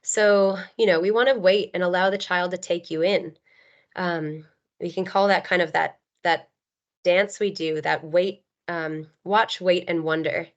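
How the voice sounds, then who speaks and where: Thirties woman therapist, earnest webinar teacher, slightly low voice, filler-heavy delivery, dull call-quality audio. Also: fairly even intonation, a little slow. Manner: earnest, many ums and you knows. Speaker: occupational therapist presenter. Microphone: video call.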